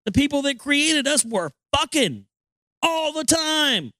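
A man reads an old text aloud and keeps breaking into crude, excitable commentary. His voice is high and swings widely in pitch. It is recorded close and dry, with no room around it. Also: slow pace, no echo. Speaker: podcast host. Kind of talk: reading aloud and ranting commentary.

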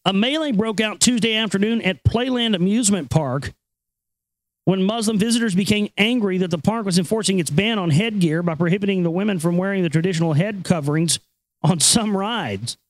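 A male talk show host reads the news and riffs on it in a loose, profane, rambling way. His voice sits fairly high for a man. The sound is close and dry, with no room echo. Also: brisk. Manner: profane, rambling, laughs often. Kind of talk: casual talk and news reading.

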